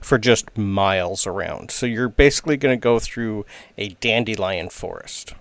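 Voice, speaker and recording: A man's voice: on the low side, normal speed, creaky, no room sound. A man narrating a tabletop game as game master, with casual, rambling description and plenty of fillers.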